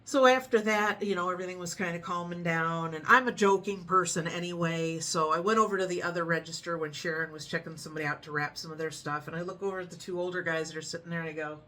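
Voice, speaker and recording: A middle-aged woman tells a story in a loose, chatty way, laughing often and keeping a calm, frank tone. Her voice is bright and a little on the low side. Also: fast, hardly any pauses. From United States. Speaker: vlogger. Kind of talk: casual storytelling chat.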